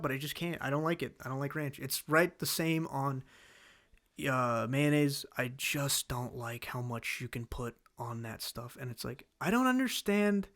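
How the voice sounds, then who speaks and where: A man's voice: fairly high pitch, fairly bright tone. A man hosting a casual solo talk show, rambling through food complaints with many restarts, fillers and exasperated outbursts. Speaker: host.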